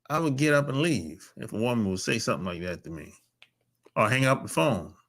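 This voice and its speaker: A man's voice: gravelly, fairly bright tone. A man hosting a podcast, talking bluntly and emphatically, with a lot of profanity. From North America. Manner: blunt, profane and emphatic, with sudden pitch jumps. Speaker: podcast host. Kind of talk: casual monologue.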